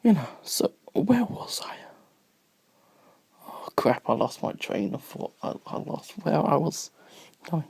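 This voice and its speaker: A man with a cough rambles through a video blog, slipping into whispers and losing his thread. His voice is gravelly and husky, and he speaks slowly. The sound is dry and close. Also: on the high side, sing-song, darkish tone, no room sound. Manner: rambling, easily distracted, drifts into whispers. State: sick with a cough. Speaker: video blogger. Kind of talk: rambling casual monologue. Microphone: phone camera.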